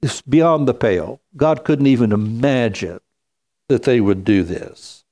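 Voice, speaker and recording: A man preaching a sermon as pastor, slow and emphatic, with wide swings in pitch. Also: mellow.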